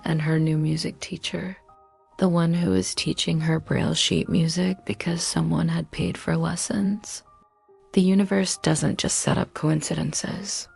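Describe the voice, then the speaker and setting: A woman's voice: low voice, gravelly, a little mellow, breathy edge. A woman narrating a scripted dramatic story in punchy short sentences.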